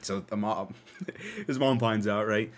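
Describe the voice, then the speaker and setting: A young man hosting a podcast from his dark room at home, telling a story in an animated, profane way and laughing often. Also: on the low side, slow. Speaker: podcast host. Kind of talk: casual storytelling.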